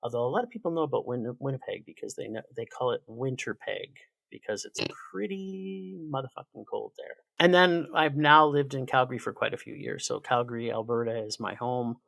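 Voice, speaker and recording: A man chats as a podcast guest in a casual, sarcastic, animated way. His voice sits in a middle pitch with a gravelly edge. It is recorded close and dry on a podcast mic. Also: fairly quick, hardly any pauses, no echo. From Canada. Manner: sarcastic, joking, animated storyteller. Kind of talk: casual chat.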